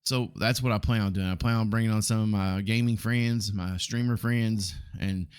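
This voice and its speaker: A forty-something man with a Southern drawl talks loosely through a solo podcast, blunt and a little rambling, filling pauses with ums. His voice sits on the low side. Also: fairly even intonation, clean tone. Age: 40s. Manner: rambling, blunt, frequent ums and mild swearing. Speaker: podcast host. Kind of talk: casual solo podcast talk.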